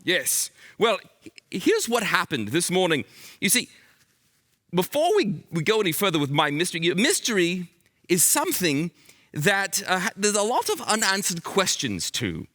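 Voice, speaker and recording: A man's voice: high voice, huge pitch swings, normal speed, pushed and bright, full character voice. A man playing Sylvester Sleuth, zany detective. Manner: theatrical, playful, dramatic exclamations. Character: bumbling, excitable male detective, grown man. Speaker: children's Bible school teacher. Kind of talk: comic character acting for children.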